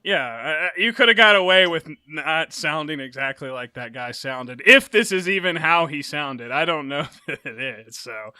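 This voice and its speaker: A man's voice: on the high side, lively intonation, normal speed, hardly any pauses, pushed and bright, clean tone, no room sound, clean studio sound. A man co-hosting a casual movie podcast, blunt and self-deprecating, laughing often. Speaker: podcast co-host.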